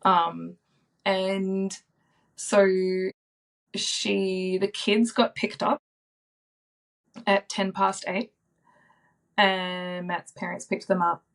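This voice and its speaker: A woman in her thirties, a podcast guest telling a personal story in a soft, reflective way with frequent ums and likes. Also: medium pitch, fairly even intonation, extremely slow, long pauses. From Australia.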